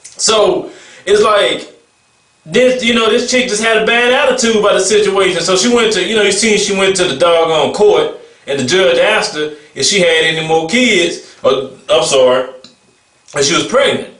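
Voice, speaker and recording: Guy ranting on his vlog, high voice, mocking n blunt, kinda far from the mic. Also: normal speed, a bit bright, reverberant. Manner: mocking, laughing between blunt remarks. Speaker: vlogger. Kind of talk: casual commentary rant.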